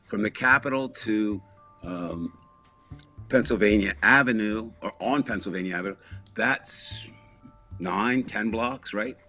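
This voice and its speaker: A man's voice: on the low side, measured pace, pushed and bright, faint music behind. A man chatting casually as a podcast co-host, telling a long story in a rambling way with restarts, asides and small chuckles.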